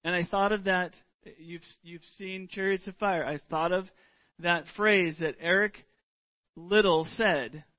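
A middle-aged male pastor delivers a sermon in a high-pitched voice at an unhurried pace. He speaks earnestly and deliberately, stretching words for weight. The recording is dry and a little dull. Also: fairly even intonation, dry recording. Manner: earnest, deliberate, drawn-out emphasis.

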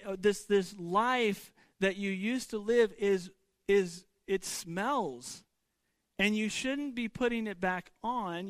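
Conversational high-voiced man preaching. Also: fairly bright tone, dry recording. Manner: conversational preaching with frequent restarts and rhetorical questions. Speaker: pastor. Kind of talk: sermon.

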